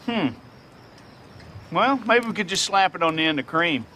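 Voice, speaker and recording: Folksy deadpan friend, dry wit, animated pitch. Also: male voice, moderate pace, a little hiss or hum.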